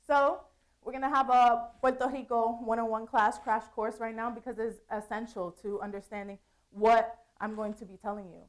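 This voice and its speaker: Chatty young woman presenting, higher voice. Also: flat delivery, normal speed. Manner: casual, chatty, laughs easily. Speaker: student presenter. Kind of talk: conference presentation.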